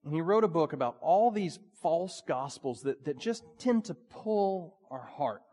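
A male pastor preaching a sermon, swinging between urgent pleading and hushed, quiet passages. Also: a little high, lively intonation, unhurried. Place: church sanctuary. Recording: long hall reverb.

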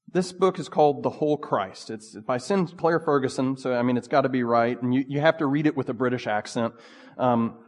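A man preaching a sermon in a relaxed, conversational way, full of asides. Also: mid-range voice, big-room sound. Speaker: pastor.

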